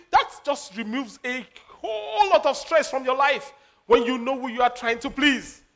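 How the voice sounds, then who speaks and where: A man preaching a sermon as a pastor, animated, laughing and acting out quotes. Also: extremely high pitch.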